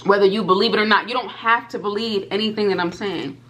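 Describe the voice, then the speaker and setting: A woman vlogger telling a personal story to her viewers, animated and repeating herself, talking straight to the audience. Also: medium pitch, fast talker, a little hiss or hum. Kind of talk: storytime vlog.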